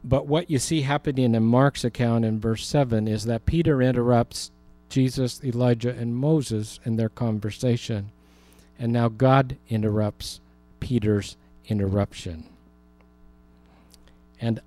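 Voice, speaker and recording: A man's voice: mid-range voice, fairly even intonation, measured pace, mellow, faint music behind. A man preaching a Bible teaching sermon in a conversational way, with humorous asides. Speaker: pastor.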